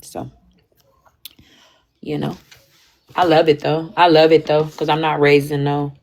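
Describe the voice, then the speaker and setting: A young woman talking candidly and casually to her stream audience, animated and slangy, swinging between loud bursts and quiet asides. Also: low-pitched, a little slow. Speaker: livestream host. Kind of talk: casual chat.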